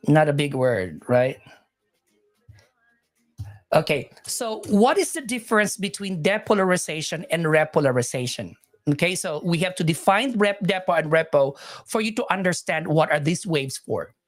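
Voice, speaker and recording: A woman's voice: low voice, expressive, normal speed, faint music behind. A woman teaching nursing exam material live, repeating points, correcting herself and chatting with viewers.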